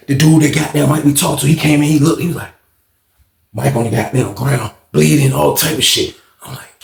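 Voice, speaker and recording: A man telling a story casually, animated and profane, acting out scenes with sound effects. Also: medium pitch, a little fast, gravelly, reverberant.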